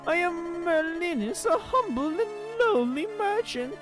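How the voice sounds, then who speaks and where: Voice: sing-song, unhurried, a bit bright, faint music behind, full character voice. A streamer voicing a timid, fussy old male merchant from a fantasy video game, reading his lines aloud. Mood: pleading. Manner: shrill, panicky pleading.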